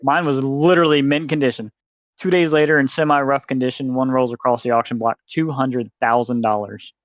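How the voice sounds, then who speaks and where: A man's voice: mid-range voice, fairly even intonation, brisk, dry recording, muffled recording. A man telling a rambling story as a podcast guest, swearing freely and acting out the people he quotes. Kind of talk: casual storytelling.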